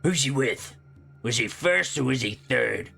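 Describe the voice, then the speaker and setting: A man voicing a gruff young male barbarian lookout, calling out roughly and loudly. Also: mid-range voice, lively intonation, unhurried, faint music behind, exaggerated voice. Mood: shouting.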